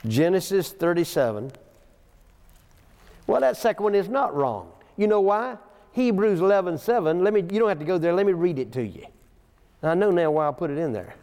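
Man preaching, fairly high voice, folksy, chuckling asides, long church reverb. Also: animated, moderate pace, a little mellow. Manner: folksy, chuckling asides, reads scripture aloud. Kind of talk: sermon. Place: church sanctuary.

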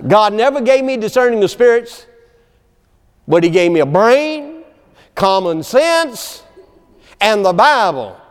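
Speaking slowly with long pauses, a man whose clear, resonant voice sits high preaches a sermon in a folksy, story-driven way. He's animated, laughs aside, and calls out "amen" frequently. Long hall reverb colors the sound.

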